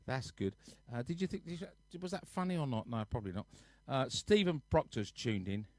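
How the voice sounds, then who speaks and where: A mid-range, darkish male voice, expressive and at a moderate pace, comes through a dry recording. He's a live-stream host and musician relaxing on his sofa at home, casually chatting with his audience, rambling and reading out viewer comments.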